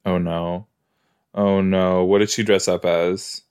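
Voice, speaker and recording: A man's voice: low voice, level tone, takes it slowly, darkish tone, smooth. A man hosting a podcast, chatting playfully as he reacts to a show he is watching. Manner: chatty, playful, talks to the screen. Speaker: podcast host. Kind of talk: casual watch-along reaction.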